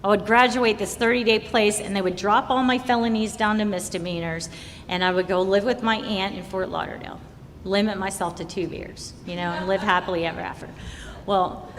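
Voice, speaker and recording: A woman sharing her recovery story at a meeting, telling it candidly and acting out the voices of the people in it. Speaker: recovery speaker. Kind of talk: personal recovery share at a meeting. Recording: hall reverb, faint rumble.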